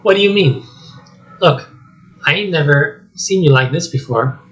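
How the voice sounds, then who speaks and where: Man doing a jittery talking donkey, high yelping chatter, script read-through. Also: lively intonation, a little slow, a bit bright, poor audio. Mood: chatty. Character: loud jittery talking male donkey sidekick. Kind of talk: solo script reading with voices.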